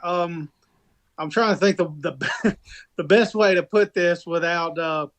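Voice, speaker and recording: A man's voice: high voice, unhurried, fairly bright tone. A man co-hosting a casual podcast, retelling a race crash in a rambling way full of restarts and fillers. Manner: rambling storytelling with many restarts. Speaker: podcast co-host and rock racer.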